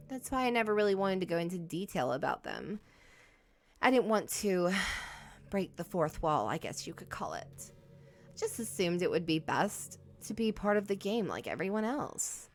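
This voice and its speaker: A woman voicing a self-aware young female game character who speaks softly and intimately, reading the game's dialogue aloud. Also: on the low side.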